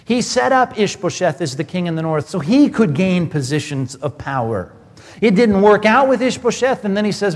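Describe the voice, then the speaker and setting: A man's voice: high-pitched, big pitch swings, moderate pace, long reverb tail. A pastor giving a conversational sermon, asking rhetorical questions as he preaches.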